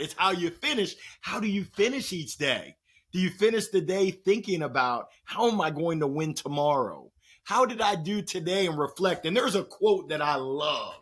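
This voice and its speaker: A man with a husky, somewhat raised voice tells stories on a podcast, swinging his pitch widely as he goes. He talks like a motivational speaker and slips into playful impressions of the people he quotes. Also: a bit bright. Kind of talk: energetic storytelling conversation.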